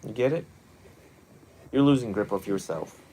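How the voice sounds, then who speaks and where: Low-voiced man telling stories animatedly. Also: normal speed, a little hiss or hum. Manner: animated storytelling, often laughing. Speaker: monastic teacher. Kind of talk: one-on-one mentoring talk.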